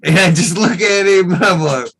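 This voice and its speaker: A man's voice: sits high, normal speed, gravelly, fairly bright tone, poor audio. A young man chatting casually with friends, telling a story animatedly, swearing and laughing often. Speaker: podcast regular. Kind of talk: casual chat among friends.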